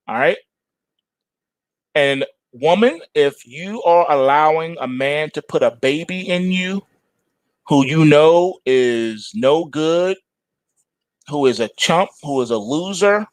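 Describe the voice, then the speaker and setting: A man's voice: lively intonation, takes it slowly, no room sound. A man hosting a live trading stream, talking casually and joking with his chat. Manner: playful, jokey, swings into high mock-whiny bits. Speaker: trading show host.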